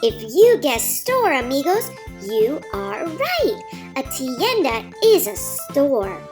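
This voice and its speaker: A woman's voice: high voice, wildly swooping pitch, takes it slowly, exaggerated voice. A woman voicing a cheerful young girl who teaches Spanish words to small children in an encouraging, sing-song way, with children's music behind. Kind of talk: children's bilingual lesson.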